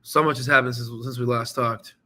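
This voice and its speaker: A man hosting a stock trading channel, talking casually and excitably while going through charts, swearing now and then and repeating himself as he rambles. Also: mid-range voice, brisk. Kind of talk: casual screen-share market commentary.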